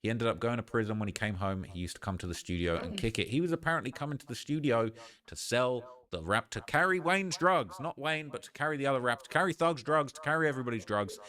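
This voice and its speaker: A man's voice: medium pitch, animated, fast talker, sharp tone. A man hosting a casual reaction show, giving slangy, opinionated commentary and often tagging lines with "all right?". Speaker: host.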